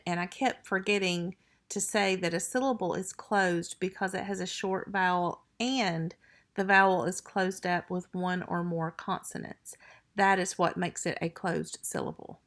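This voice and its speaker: A woman's voice: on the low side, fairly even intonation, a little slow, a bit bright. A woman teaching a first grade phonics lesson from home, patiently sounding out letters and syllables one by one into a computer mic. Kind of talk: recorded phonics lesson for young children. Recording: echoey room.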